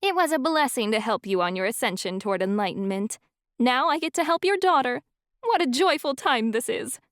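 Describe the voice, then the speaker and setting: A woman's voice: a little high, lively intonation, fairly quick, fairly bright tone, no echo, studio quality, pitched above the performer's own voice. A woman voicing a cheerful, spiritual elderly woman professor who talks in a lilting, airy way. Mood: joyful.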